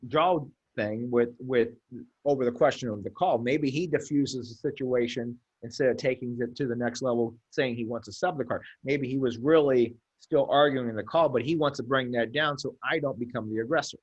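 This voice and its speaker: A man in casual discussion, talking at a middle pitch. He rambles, starts over and repeats words, and now and then acts out the voices of the people he describes. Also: moderate pace, slightly rough, lo-fi sound. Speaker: officials association president.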